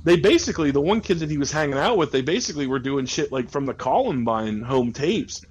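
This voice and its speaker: A man's voice: a little high, lively intonation, fairly quick, highs cut off, a little hiss or hum. A man co-hosting a casual podcast, ranting heatedly with lots of swearing and restarts. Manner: heated, profane, rambling with restarts. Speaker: podcast co-host.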